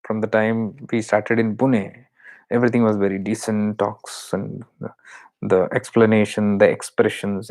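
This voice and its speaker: A man's voice: on the low side, vocal fry, a little mellow. A man with an Indian accent, a spiritual teacher explaining awareness in an earnest, repetitive way. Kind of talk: spiritual talk.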